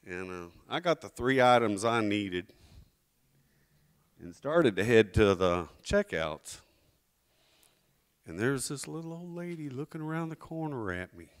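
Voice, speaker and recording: A man telling a folksy tall tale on stage at a liar's contest, drawling with many pauses and acted-out quotes. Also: lowish voice, animated.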